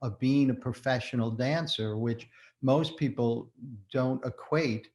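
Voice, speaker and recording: Older guy chatting in an interview, lively stories, laughs a lot, medium voice. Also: mid-range voice, measured pace. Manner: animated storyteller, laughs often. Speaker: guest, shoemaker and former performer. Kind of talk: casual interview chat.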